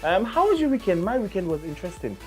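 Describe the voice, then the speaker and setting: A man with a Nigerian accent hosting a radio show, talking in an animated, casual way and repeating words for emphasis. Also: high-pitched, fast, soft background music. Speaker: radio host.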